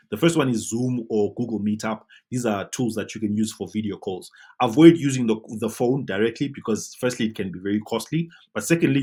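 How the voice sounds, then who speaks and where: A man teaching web design in a tutorial, coaching viewers in an animated way and often asking "right?". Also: fairly low pitch, breathy edge. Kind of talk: tutorial talk to camera.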